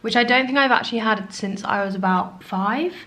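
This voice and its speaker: A woman in her twenties vlogging casually to camera, chatty and excitable, now and then hushed and emotional. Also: on the high side, fairly quick. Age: 20s. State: has a headache. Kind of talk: casual vlog chat to camera. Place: home office room, indoors. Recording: echoey room.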